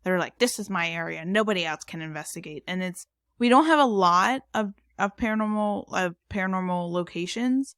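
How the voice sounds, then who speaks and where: A woman's voice: lowish voice, brisk, fairly bright tone, clean tone, dry recording, studio quality. A woman co-hosting a podcast, talking in a chatty, rambling way with frequent restarts. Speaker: podcast co-host. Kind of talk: casual chat.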